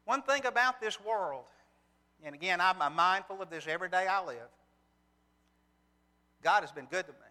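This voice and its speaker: High, bright preacher in an echoing hall. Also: male voice, normal speed, long pauses. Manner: earnest, with rhetorical questions and scripture reading. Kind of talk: sermon. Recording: long reverb from a large hall.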